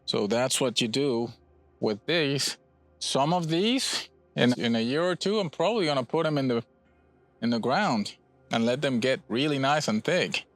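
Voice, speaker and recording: Man, from Puerto Rico, bonsai grower, relaxed rambling talk, outdoors, faint music underneath. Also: medium pitch, normal speed, no echo. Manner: relaxed, rambling, with frequent restarts. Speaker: bonsai nursery owner. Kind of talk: casual explanation during a nursery tour. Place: outdoor plant nursery.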